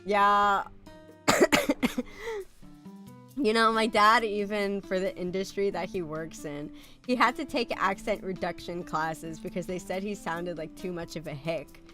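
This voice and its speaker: Woman, light American country accent, sick, coughing, casual stream chat, unhurried, soft music behind. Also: mid-range voice. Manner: chatty, laughs often, blunt.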